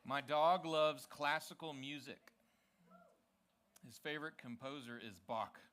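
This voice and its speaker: A man's voice: a little high, a little slow, fairly bright tone, smooth. A man hosting a student ministry service from a church stage, chatting casually with the young crowd and checking in with them often. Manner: upbeat, coaxing, checks in with the crowd.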